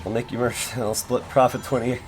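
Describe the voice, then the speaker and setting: A man's voice: mid-range voice, level tone, brisk, a little hiss or hum. A man streaming a video game, chatting casually with his audience, rambling and self-deprecating with lots of fillers and restarts, faint game music behind. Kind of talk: casual gaming stream chat.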